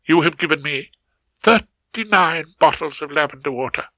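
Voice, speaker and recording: A man's voice: fairly high pitch, moderate pace, bright, forceful tone, dry recording, voice pushed up, low-quality recording. A man voicing a fussy middle-aged wife in a genteel, prim manner, in an audiobook. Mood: coy. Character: fussy middle-aged English wife, coy then bossy. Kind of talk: audiobook character voice.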